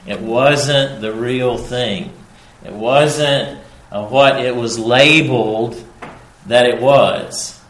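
A man preaching a sermon, slow and emphatic, repeating his key phrases. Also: medium pitch, fairly bright tone. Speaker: pastor. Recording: echoey room with faint ambience.

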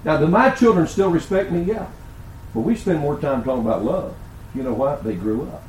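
A man's voice: on the high side, a little fast, a little mellow, echoey room, a little hiss or hum, rough recording. An older man preaching a sermon, asking rhetorical questions and telling stories as the pastor. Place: church sanctuary.

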